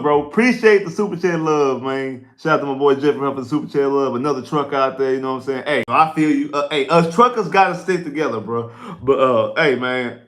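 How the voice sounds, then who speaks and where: A man hosting a casual postgame sports livestream, excitable and prone to repeating himself and stumbling over words. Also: medium pitch, a little fast.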